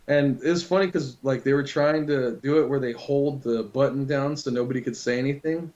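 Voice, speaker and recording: A man's voice: mid-range voice, moderate pace, pauses often, a little mellow. A man casually telling a long prank story to a friend, loose and full of swearing. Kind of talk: casual chat. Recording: dull lo-fi recording.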